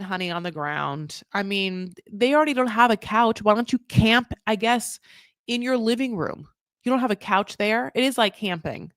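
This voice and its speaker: A woman hosting a casual recap show, talking in an animated, gossipy way with sudden jumps in pitch and loudness, dropping "honey" and "like" all the time. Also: dry recording, studio quality. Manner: says "honey" and "like" often. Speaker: podcast host recapping a reality show. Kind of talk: casual commentary.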